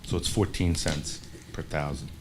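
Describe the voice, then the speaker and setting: A man's voice: a bass voice, fairly even intonation, noisy background. A man who handles the district finances, explaining budget figures in a matter-of-fact way at a board meeting. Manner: matter-of-fact, quick runs of numbers. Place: school board room.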